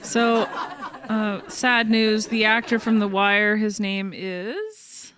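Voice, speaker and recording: A woman's voice: medium pitch, slow, a crowd in the background. A woman co-hosting a casual podcast, chiming in with short reactions and questions. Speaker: co-host.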